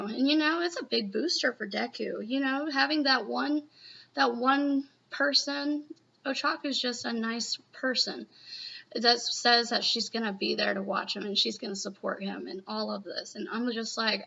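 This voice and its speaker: A woman's voice: high voice, moderate pace, vocal fry, pushed and bright. A woman chatting casually in a live reaction video, rambling and gushing with lots of "you know.". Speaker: manga reaction vlogger. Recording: muffled lo-fi home recording.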